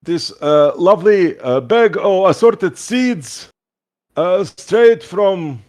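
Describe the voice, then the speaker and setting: A man's voice: sits high, lively intonation, slow pace, darkish tone, pitched above the performer's own voice. A man voicing a purple male gelatinous goo shopkeeper who talks with courtly, fumbling politeness. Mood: chummy.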